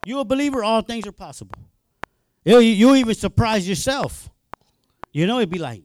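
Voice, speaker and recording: High-voiced, excitable male minister. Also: a little fast, slight background noise. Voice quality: excitable, repetitive and colloquial. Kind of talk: sermon.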